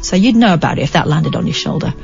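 A woman's voice: sits low, lively intonation, fast, vocal fry, highs cut off, faint music behind. A woman hosting late-night talk radio, reading news with chatty, wry asides and mock-dramatic emphasis. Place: radio studio. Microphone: studio microphone.

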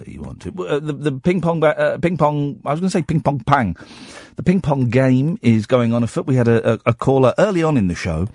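A man's voice: medium pitch, husky, no echo. A middle-aged man, a late-night radio host telling rambling family stories and acting out the dialogue. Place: radio studio.

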